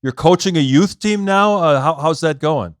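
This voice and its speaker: A man's voice: fairly high pitch, moderate pace, clean tone, dry recording. A man co-hosting a podcast who asks casual interview questions, hesitant and using fillers as he sets them up, in a podcast studio.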